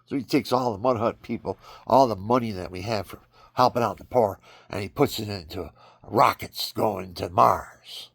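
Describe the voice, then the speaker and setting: A man with a gravelly, husky voice, giving a rambling, preachy religious monologue and acting out scenes with sudden high cries. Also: moderate pace, fairly bright tone, no echo.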